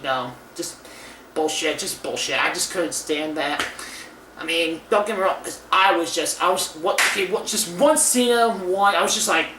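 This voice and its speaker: A man's voice: on the high side, moderate pace. A young man casually reviewing a wrestling show, ranting and cursing with many restarts and fillers. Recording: echoey room, far from mic, faint hiss.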